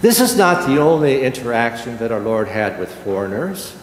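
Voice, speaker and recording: An older man, a pastor, preaching a sermon slowly and emphatically, with dramatic pauses. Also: medium pitch, big pitch swings, a little hiss or hum. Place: church sanctuary. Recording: echoey church hall with long reverb.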